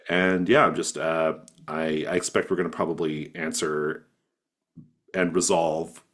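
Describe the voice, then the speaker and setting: A man's voice: rumbling low, steady tone, unhurried, a bit bright. A man running a tabletop role-playing game, chatting casually and with enthusiasm as he wraps up the session, rambling with many fillers. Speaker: game master. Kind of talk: casual wrap-up chat.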